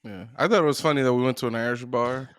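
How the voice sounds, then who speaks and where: A man's voice: mid-range voice, very fast, dry recording, clean studio sound. A man co-hosting a podcast, telling stories in a laid-back, profane casual chat. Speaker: podcast co-host.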